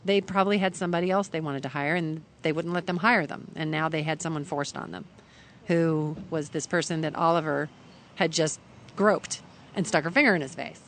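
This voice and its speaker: Woman, middle-aged, from Kentucky, lively podcast storyteller, lowish voice, faint hiss. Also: a little fast. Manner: animated, acts out others' lines when quoting them. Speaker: podcast guest. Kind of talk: storytelling in casual conversation.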